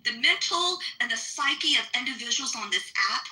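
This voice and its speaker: A woman's voice: a little high, lively intonation, sharp tone, rough recording. A woman ranting angrily in a live audio chat room, swearing and firing off rhetorical questions. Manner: angry, profane, rapid rhetorical questions.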